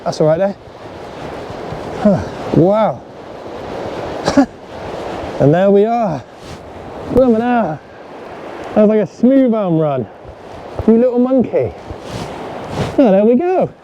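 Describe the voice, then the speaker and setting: An excitable man with a fairly high voice, talking to a camera set up on the beach. His chat to his viewers is casual and lively. Loud waves and surf roll in the background of the outdoor recording. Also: slow pace, pauses often, highs cut off, noisy background. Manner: chatty, excitable, talks straight to viewers. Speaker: fishing vlogger. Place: outdoors on a sandy shore at low tide.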